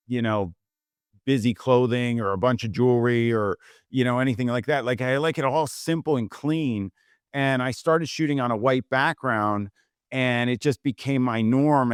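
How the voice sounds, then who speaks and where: A middle-aged man tells stories in a relaxed interview, full of "like" and acted-out quotes. His voice sits at an ordinary pitch. The mic is close and dry, with no room sound. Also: smooth, dry recording. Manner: animated storyteller who acts out quotes with lots of "like". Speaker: guest photographer. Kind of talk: casual storytelling interview.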